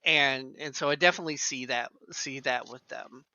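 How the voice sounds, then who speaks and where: A man's voice: mid-range voice, moderate pace, bright, forceful tone, dry recording. A man co-hosting a podcast in casual chat, hesitant and repeating his words. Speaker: podcast co-host.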